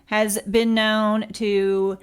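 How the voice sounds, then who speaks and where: A woman's voice: medium pitch, flat delivery, drawn-out words, smooth. A middle-aged woman co-hosting a lifestyle podcast, chatting in an upbeat way and laughing often. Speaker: podcast co-host. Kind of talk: casual group chat.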